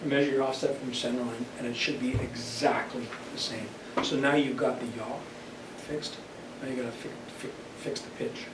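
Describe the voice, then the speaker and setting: An older man giving a casual step-by-step woodworking demonstration at a club meeting. He explains patiently, stumbles over and repeats words, and clears his throat now and then. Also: medium pitch, steady tone, moderate pace. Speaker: club presenter. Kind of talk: casual hands-on demonstration talk. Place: club meeting room, indoors. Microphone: room mic far from the speaker. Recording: echoey, distant, noisy room recording.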